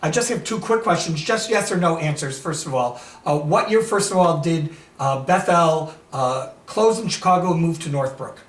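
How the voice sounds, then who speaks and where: A male host with a high voice guides an interview, affirming his guest and asking short questions. He sounds distant from the mic. The room around him is echoey. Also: moderate pace, few pauses. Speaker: host, rabbi.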